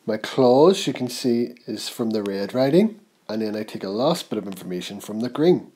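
A man teaching a grammar lesson, reading example sentences slowly and with emphasis. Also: on the low side, animated, darkish tone. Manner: slow, clear, reads example sentences aloud with emphasis.

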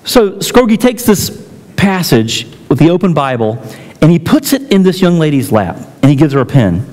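A man preaching a sermon as pastor, telling stories and acting out quotes with emphatic pauses. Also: on the high side, sing-song, a little mellow. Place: church sanctuary. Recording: church hall reverb.

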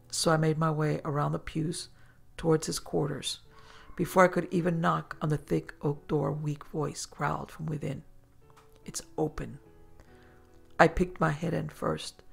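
A woman host narrating a first-person horror story in a measured, dramatic way. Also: low voice, vocal fry, slightly rough.

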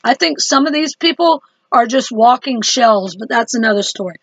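A woman's voice: on the high side, animated, moderate pace, breathy edge, dry recording, rough recording. A woman chatting to her viewers in a casual religious video diary, laughing easily. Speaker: Christian vlogger.

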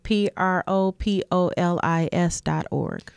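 A woman from Detroit, a guest in a casual interview, telling relaxed stories and laughing often. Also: on the low side, slow pace, creaky, clean tone, no echo. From Detroit, USA. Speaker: guest, community advocate.

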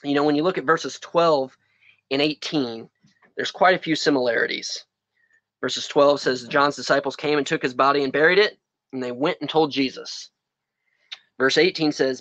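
A man's voice: medium pitch, moderate pace, a bit bright, no echo, poor audio. A man preaching a sermon outdoors, earnest and repeating phrases for emphasis. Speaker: pastor. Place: outdoors in the sun.

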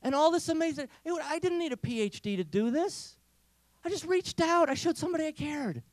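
A man giving an energetic, humorous inspirational talk to teenagers, telling stories. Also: very high-pitched, a little fast, no echo. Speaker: speaker.

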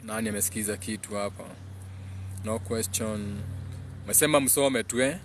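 A man's voice: fairly low pitch, moderate pace, a little hiss or hum. A man hosting a live stream, preaching in a rambling monologue that hops between English and Swahili and reads out viewer comments. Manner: repeats phrases in chant-like bursts.

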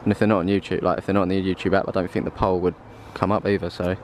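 A man's voice: deep voice, flat delivery, very fast, a little mellow. A man chatting casually with a friend in a laid-back, offhand way. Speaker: friend on the trip. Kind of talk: casual chat. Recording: outdoor camera audio with street noise.

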